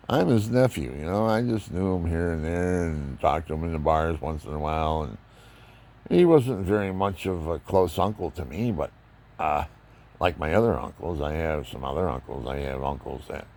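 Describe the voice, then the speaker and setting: A man's voice: extremely low pitch, gravelly, a little hiss or hum. An older man talking casually about faith and family, rambling and preachy as he tells his stories. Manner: rambling, preachy, animated storytelling. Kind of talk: casual religious monologue.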